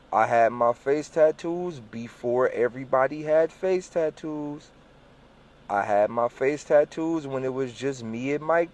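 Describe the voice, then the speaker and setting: A man telling a personal story casually and profanely, swinging between loud bursts and hushed lines, acting out the voices in his anecdotes. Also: mid-range voice. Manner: profane, repeats "on God"; acts out voices in quoted dialogue.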